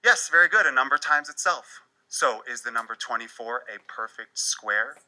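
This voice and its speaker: A man's voice: mid-range voice, lively intonation, moderate pace, pushed and bright, rough recording. A man voicing an upbeat, encouraging male math teacher calling on students. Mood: cheerful.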